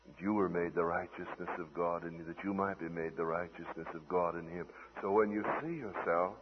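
A man preaching a sermon, swinging between loud declaiming and hushed, tender asides, heard on an old lo-fi radio broadcast. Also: sits low, fairly even intonation, moderate pace, in a large hall.

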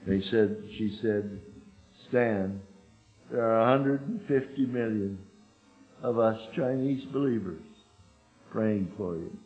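Older preacher, emphatic sermon. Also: male voice, slow, pauses often, faint music behind. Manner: emphatic storytelling, swings from loud urgent peaks to low quiet asides. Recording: dull lo-fi recording.

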